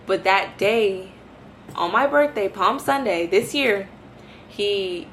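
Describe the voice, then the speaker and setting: A woman in her early twenties giving an animated personal testimony and talking straight to her viewers. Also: mid-range voice, slow pace, slight background noise. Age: early 20s. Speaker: vlogger sharing a faith testimony.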